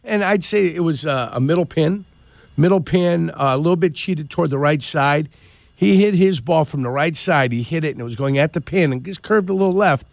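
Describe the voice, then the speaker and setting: A man's voice: fairly high pitch, gravelly, dry recording. Man rambling through a golf story. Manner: rambling storyteller, drawn-out anecdotes. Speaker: golf guest. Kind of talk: casual radio chat. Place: radio studio.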